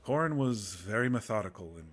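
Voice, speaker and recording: A man's voice: lowish voice, lively intonation, a little fast, slightly rough. A man streaming a game, chatting casually to viewers in a soothing, rambling way with many restarts.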